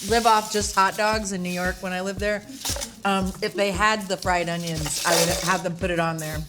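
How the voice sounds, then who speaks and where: A woman's voice: lowish voice, fairly even intonation, moderate pace, very noisy. A woman co-hosting a cooking show, playful, laughing often and making goofy asides. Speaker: co-host. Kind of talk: casual cooking chat.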